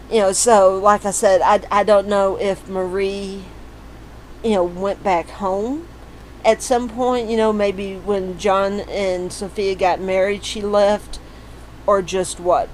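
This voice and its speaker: A woman talks unhurriedly through her family tree, thinking aloud with frequent ums and restarts. Her pitch sits in a middle range for a woman. A faint noise hums under the recording. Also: poor audio. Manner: rambling, many fillers and restarts. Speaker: family history vlogger. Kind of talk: casual screen-share walkthrough.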